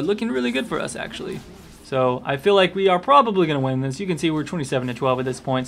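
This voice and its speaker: A young man casually commentating his own video game match, upbeat and excitable, with a hiccup now and then. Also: fairly high pitch, a little hiss or hum. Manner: upbeat, excitable, chatty with fillers. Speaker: gaming commentator.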